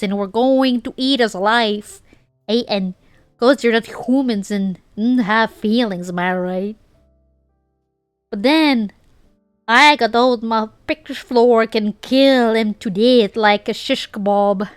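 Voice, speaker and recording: A woman reads as a ditzy, bragging teenage Southern girl, laying on a thick put-on drawl. The voice sits at a middling pitch and moves slowly. The sound is dry and close, with faint music underneath. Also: smooth, no room sound, lightly acted. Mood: breathless. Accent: put-on American Southern. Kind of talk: reading a fanfic in a put-on voice.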